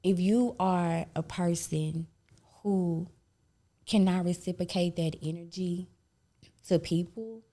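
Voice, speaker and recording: A woman in her thirties hosting a casual chat, blunt and animated, full of slang and laughter. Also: lowish voice, takes it slowly, pauses often. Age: 30s. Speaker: podcast host.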